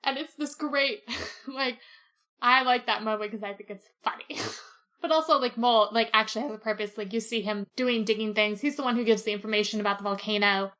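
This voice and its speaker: A woman's voice: a little high, fairly even intonation, a little fast, a bit bright. Chatty woman podcast co-host. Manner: chatty, lots of "like" fillers, laughs often. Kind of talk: casual chat.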